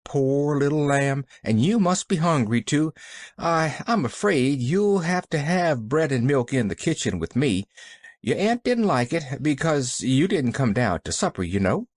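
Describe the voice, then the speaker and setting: A flustered, kind-hearted servant woman, as the reader puts her on, talks in homely rural dialect, her voice pitched up and swinging widely between worry and fondness. Dry, close storybook audio. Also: sing-song, measured pace, darkish tone, no echo. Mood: fond. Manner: folksy rural dialect, exclaiming.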